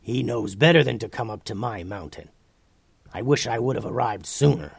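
A man voicing a blunt, gruff huge gray dragon in a storybook reading, speaking with a growl. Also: on the low side, lively intonation, moderate pace, dry recording, exaggerated voice. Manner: growling, dry.

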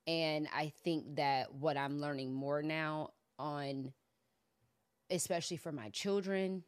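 A woman hosts a relaxed faith-centered conversation in a low voice. She tells her stories with animation and acts out her own past pleas. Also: slow, clear, resonant tone. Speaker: podcast host.

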